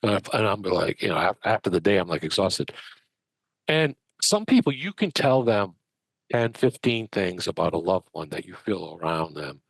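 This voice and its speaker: A man with a lowish voice tells stories in an animated, chatty way. He often starts a phrase over as he goes. The recording is dry and close, with no room echo. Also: normal speed, vocal fry, breathy edge. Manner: animated, chatty anecdote-telling with many restarts. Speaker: medium, guest. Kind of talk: conversational storytelling.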